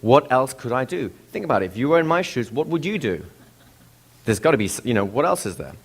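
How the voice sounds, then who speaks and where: A man giving a lecture, telling a story with rhetorical questions to the audience in an animated way. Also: mid-range voice, fast, gravelly, husky. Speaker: seminar presenter.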